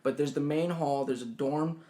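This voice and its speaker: A young man tells a college story in casual chat. He is animated and swears freely, and he shouts out the quoted lines. His voice sits a little high for a man. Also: moderate pace. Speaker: podcast co-host.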